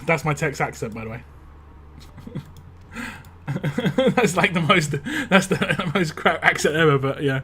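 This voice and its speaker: A young man streams a game, chatting loosely and rambling between laughs, his voice a little rough from a drink. His tone is bright and forceful, pitched a touch high, with a casual, chatty flow. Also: expressive, unhurried, pauses often, faint music behind. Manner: rambling, chatty, laughs often, reads chat aloud. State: voice a bit rough after a drink. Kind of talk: casual live-stream chat.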